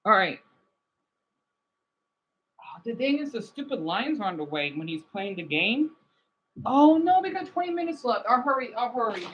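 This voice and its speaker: A woman chatting casually and excitably with her stream's viewers, her voice slightly high and bouncing up and down. She often stumbles and restarts her sentences. The phone mic makes her sound dull and lo-fi. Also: normal speed, long pauses, slight background noise. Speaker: game streamer reading chat. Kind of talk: casual livestream chat.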